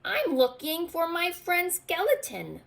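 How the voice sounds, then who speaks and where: A woman voicing a small, lonely male goblin in a storybook read aloud, with an eager, high manner. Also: wildly swooping pitch, unhurried, gravelly, a bit bright, exaggerated voice. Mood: earnest.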